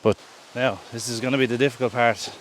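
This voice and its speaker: An Irish podcast host telling a story casually while walking outdoors in the woods, filming himself and often correcting himself. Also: male voice, mid-range voice, steady tone, fast, a little hiss or hum. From Ireland. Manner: chatty, rambling, self-correcting. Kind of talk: casual storytelling on a woodland walk. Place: outdoor woodland walk. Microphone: self-held camera while walking.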